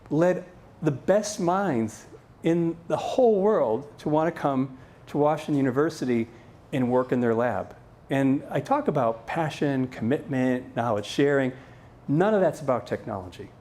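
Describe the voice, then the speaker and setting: Brief: middle-aged male keynote speaker, lively swooping delivery, slightly high voice, teasing asides. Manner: playful, joking asides to the audience. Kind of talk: live conference talk.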